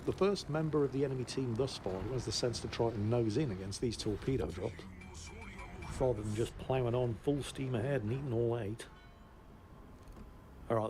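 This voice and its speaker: A man with a mid-pitched, everyday voice, chatting his way through a naval battle game and chuckling at the chaos. A faint hiss of background noise sits under the voice. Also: warm tone. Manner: giggly, laughs often through his commentary. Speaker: gameplay commentator. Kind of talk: casual game commentary.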